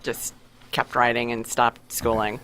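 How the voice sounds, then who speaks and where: A woman's voice: very deep voice, flat delivery, a little slow, fairly bright tone. A woman author talking as a guest on a radio show, candid and a little self-deprecating, wandering from topic to topic. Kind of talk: casual radio interview.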